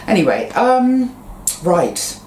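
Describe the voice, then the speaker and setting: A woman's voice: medium pitch, big pitch swings, slow pace, darkish tone. A woman vlogging at home, speaking her mind in a rambling, frank way and swearing freely. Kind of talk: casual monologue to camera. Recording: roomy echo, faint background noise.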